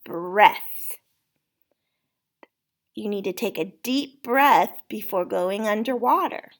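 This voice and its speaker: A woman's voice: medium pitch, unhurried. A woman teaching a spelling lesson, patiently sounding out words letter by letter for a child.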